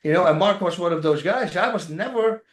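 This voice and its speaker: An animated man tells rambling stories as an interview guest, slipping into other people's voices as he goes. His voice sits a little high for a man. The recording carries a noticeable roomy echo. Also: brisk. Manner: animated, rambling anecdotes, acts out other people's lines, laughs often. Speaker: actor and former fighter, interview guest. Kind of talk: casual interview storytelling. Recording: roomy echoey sound.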